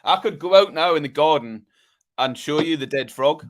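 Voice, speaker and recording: A man co-hosting a podcast, telling a story in a casual, animated way and often dropping to a low murmur. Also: normal speed. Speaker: podcast co-host.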